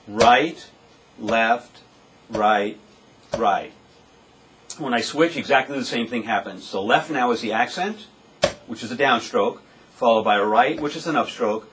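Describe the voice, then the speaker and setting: A man giving a drum lesson, explaining step by step and calling out the strokes aloud as he plays. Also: mid-range voice. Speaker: drum teacher. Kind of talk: demonstration lesson. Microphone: webcam. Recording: webcam recording with noticeable background noise.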